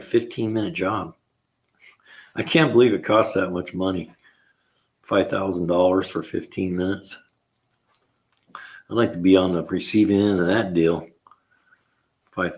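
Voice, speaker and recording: An older man, a retired mechanic hosting a car repair show, telling rambling shop stories in a casual way, chuckling and acting out his own lines. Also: low-pitched.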